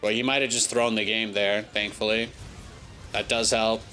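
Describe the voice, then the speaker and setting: American guy streaming a game, joking around, gets worked up fast, bright voice. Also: lowish voice, faint music behind. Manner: excitable, joking, talks to himself and chat. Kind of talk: casual gameplay commentary.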